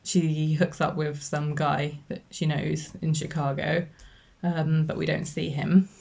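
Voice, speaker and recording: A woman's voice: low-pitched, little pitch movement, a little slow, gravelly, a little mellow. A woman co-hosting a casual film review from home, talking frankly and chattily.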